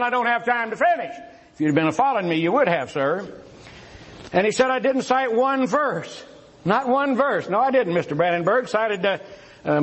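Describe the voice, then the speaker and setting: A man's voice: very high voice, a bit bright, low-quality recording. A man giving a preacher-style rebuttal in a religious debate, firing rhetorical questions at his opponent before an audience.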